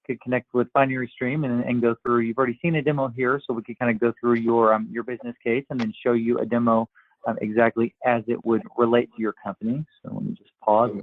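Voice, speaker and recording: A man's voice: mid-range voice, level tone, fast, no room sound. A man hosting a webinar, thanking the presenter and inviting questions, with frequent ums. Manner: polite, hesitant with many ums. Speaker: webinar host. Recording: tinny phone-like line.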